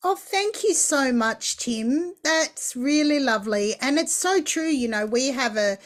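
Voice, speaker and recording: Slow-talking Australian woman host. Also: sits high, animated. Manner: warm, effusive, laughs often. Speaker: podcast host. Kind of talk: casual interview chat.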